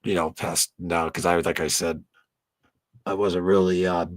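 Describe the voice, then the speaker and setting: A man's voice: deep voice, flat delivery, measured pace, no room sound. A man hosting a fan channel in a casual late-night live stream chat, rambling along and swearing freely. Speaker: host of a fan tribute channel.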